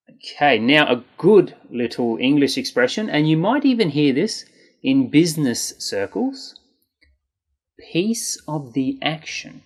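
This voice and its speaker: English pronunciation teacher, talks really slow, drags out every word and says it twice. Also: medium pitch, animated. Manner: slow, deliberate, exaggerated enunciation with repeated words. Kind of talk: scripted pronunciation lesson.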